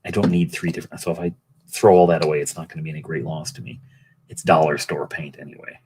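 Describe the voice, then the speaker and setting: A man's voice: very deep voice, flat delivery, fast talker, darkish tone, a little hiss or hum. A middle-aged man hosting a livestream, painting miniatures and chatting in a rambling way while greeting viewers by name. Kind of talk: casual livestream chat.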